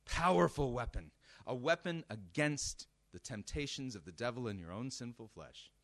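A male preacher with a bright, forceful voice delivers a sermon. He leans on his points and keeps turning rhetorical questions on his listeners. His pitch sits mid-range for a man. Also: animated, moderate pace.

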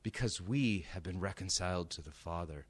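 A man's voice: sits low, moderate pace, slightly rough. A man preaching a sermon, emphatic and direct, often asking his listeners rhetorical questions.

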